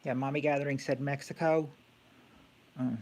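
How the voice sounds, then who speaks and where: A man's voice: mid-range voice, level tone, normal speed, a little mellow. A man hosting a casual live-stream quiz game, thinking aloud with many fillers and restarts.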